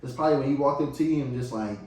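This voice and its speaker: A man's voice: medium pitch, racing, a little mellow. A man co-hosting a podcast in casual chat, laid-back and laughing along. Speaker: podcast co-host. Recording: echoey room, mic far off, faint noise.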